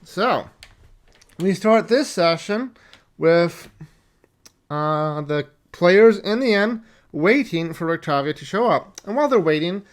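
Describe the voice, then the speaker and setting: A man recounting his tabletop game session as game master, rambling and swearing freely as he quickly acts out his players and characters. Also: sits high, expressive. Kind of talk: casual storytelling recap.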